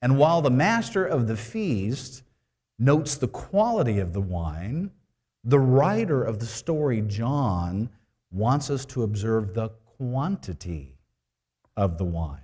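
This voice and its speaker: A man preaching a sermon to his congregation, telling a story with asides to the listeners and swinging between loud and hushed moments. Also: medium pitch, very animated, takes it slowly. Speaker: preaching minister. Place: church sanctuary.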